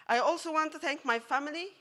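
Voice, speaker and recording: A woman from Egypt, a math teacher giving an emotional acceptance speech, laughing often and pausing with fillers. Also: sits high, fairly bright tone.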